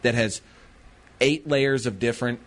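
A radio co-host bantering casually, this man rambles playfully and sometimes drops into silly voices. He speaks at medium pitch and a little slowly.

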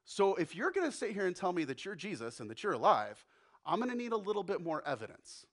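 A man voicing a cautious, practical male apostle who talks quietly and hesitantly. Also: sits high, huge pitch swings, fast, full character voice. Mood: skeptical.

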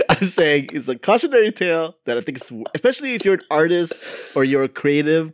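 Lively chatty male podcast co-host. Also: on the high side, normal speed, no room sound, clean studio sound. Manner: animated, laughs often, hedging restarts. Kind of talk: casual podcast chat.

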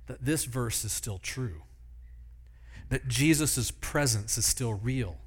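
A man's voice: mid-range voice, fairly bright tone. A man preaching a sermon at a church service, leading the congregation in repeating words with playful asides. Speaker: pastor.

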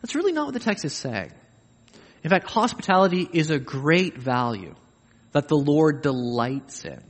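Animated preaching man in a reverberant hall. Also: a little high, normal speed. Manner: animated, humorous asides, acts out quoted voices. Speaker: pastor. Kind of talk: sermon.

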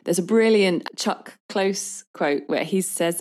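A woman songwriter in her thirties talking in a podcast interview, telling stories with lively acted-out quotes. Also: mid-range voice. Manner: animated storyteller, acts out quotes with quick bursts. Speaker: songwriter guest.

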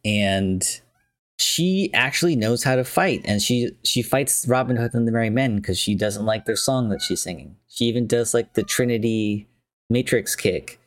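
A man's voice: medium pitch, moderate pace, dry recording. A man casually retelling a film's plot, chatty and rambling, with many fillers.

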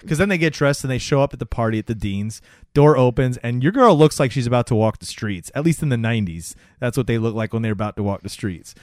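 A man's voice: medium pitch, dry recording, clean studio sound. A man joking around while recapping a movie with a co-host in casual chat. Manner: joking, quick reactions, lively retelling.

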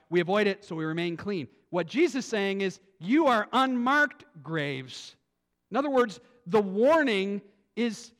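A male pastor preaching a sermon, animated, swinging from quiet thinking-aloud asides to loud emphatic lines. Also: sits high. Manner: repeats words and restarts as he thinks aloud.

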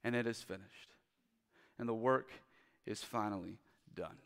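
A male pastor preaching a sermon. He moves from loud, urgent emphasis to quiet, low passages. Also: measured pace, gravelly, in a large hall.

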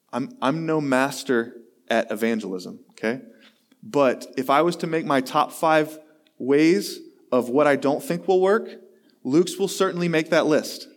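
Man preaching in a chatty storytelling sermon. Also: fairly high pitch. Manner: conversational, self-deprecating, acts out quoted voices. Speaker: pastor.

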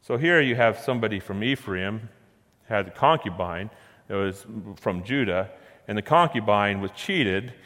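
Lively preacher in an echoey hall. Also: male voice, lowish voice, unhurried. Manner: lively, conversational, chuckling asides. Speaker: pastor. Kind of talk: sermon storytelling.

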